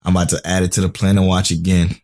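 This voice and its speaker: Low-voiced excitable young man chatting. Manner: excitable, swears casually, quick recaps. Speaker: podcast co-host. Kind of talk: casual chat.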